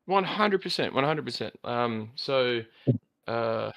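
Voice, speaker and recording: A man with a broad Australian accent chatting casually, speaking haltingly with many pauses and fillers. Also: mid-range voice, lively intonation, vocal fry, a bit bright. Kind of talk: casual chat.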